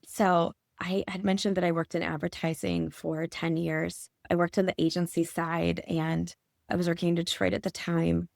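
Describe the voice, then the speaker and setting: A woman in her forties from Michigan, speaking as a podcast guest. Her voice sits low and carries a gravelly fry. She recounts a personal story with earnest feeling, close and dry on the mic. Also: little pitch movement, normal speed, darkish tone, no echo. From Michigan, USA.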